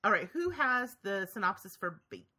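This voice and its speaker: A woman's voice: mid-range voice, big pitch swings, normal speed, pushed and bright. A woman hosting a podcast in casual chat, gushing and laughing, with plenty of "like" in her speech. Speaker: podcast host.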